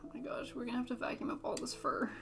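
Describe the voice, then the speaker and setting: A woman's voice: fairly high pitch, steady tone, racing, gravelly, music in the background. A young woman streaming casually, playfully scolding her pet cat while building kits.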